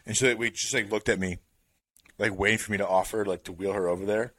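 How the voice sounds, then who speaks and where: A male podcast host telling a rambling story in a casual chat, full of fillers and slang, getting louder as it builds. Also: on the low side, fast talker, no room sound. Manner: rambling, filler-heavy with "like" and "bro"; animated, builds up to louder bursts.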